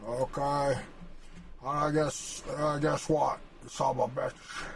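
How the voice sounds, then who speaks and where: A man's voice: on the high side, little pitch movement, slow, crowd noise, low-quality recording. A male streamer rambles through a boastful, profane, mock-serious comic rant while drawing a map.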